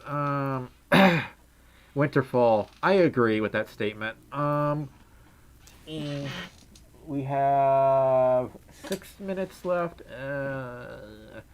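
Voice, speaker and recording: With a mid-range voice and drawn-out words, a young adult livestreamer chats casually with viewers and reads their messages. The Southern drawl is put on, and the rambling talk is full of giggles and laughs.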